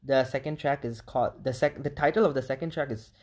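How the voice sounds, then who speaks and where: A woman, casually reviewing an album, animated and swearing, breaking into short sung lyrics. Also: extremely low pitch, fast talker. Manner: animated, swearing, sings lyric snippets, laughs often. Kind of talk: casual vlog chat.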